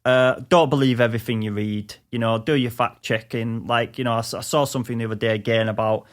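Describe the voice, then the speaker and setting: A man's voice: medium pitch, steady tone, quick pace. A man co-hosting a casual podcast, teasing his partner and rambling with many restarts. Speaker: podcast co-host.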